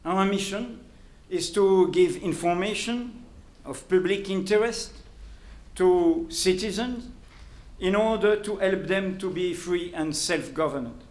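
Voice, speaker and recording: A man with a French accent, speaking in English as a journalist giving a prepared lecture, in a deliberate and emphatic manner. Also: high-pitched, a little mellow. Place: lecture hall. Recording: roomy hall sound, faint ambience.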